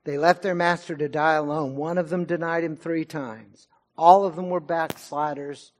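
A man preaching a sermon, his delivery swelling to loud passages and sinking to quiet ones. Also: on the high side, steady tone, moderate pace. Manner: preaching with rising and falling intensity. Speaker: pastor.

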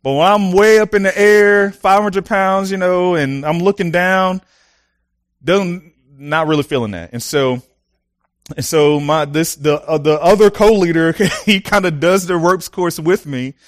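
A young man preaching a sermon, casual and animated, telling personal stories with lots of fillers and laughs. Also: sits high, measured pace, no room sound, clean studio sound.

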